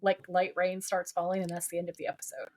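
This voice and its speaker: A woman's voice: lowish voice, completely flat delivery, quick pace, darkish tone. A woman co-hosting a podcast, retelling a TV episode in casual chat, quoting lines and ranting along the way. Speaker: podcast co-host.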